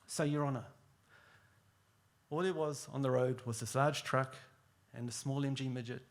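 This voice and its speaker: A man voicing a deliberate defence lawyer questioning witnesses in court. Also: mid-range voice, fairly even intonation, close to an everyday voice. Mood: measured. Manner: measured, questioning, repetitive.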